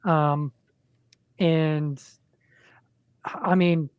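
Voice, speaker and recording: A woman who creates comics, a guest in casual podcast chat, speaking hesitantly with many pauses. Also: low voice, steady tone, darkish tone, smooth, dry recording. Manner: hesitant, lots of fillers and restarts.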